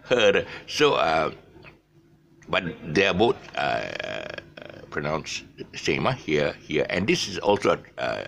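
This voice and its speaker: An older man with a hoarse voice, teaching an informal lesson, halting with many fillers and restarts. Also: low voice, sing-song, fairly bright tone. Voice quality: hoarse, gravelly voice. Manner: halting, many fillers and restarts, chuckles at his own jokes. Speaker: English teacher.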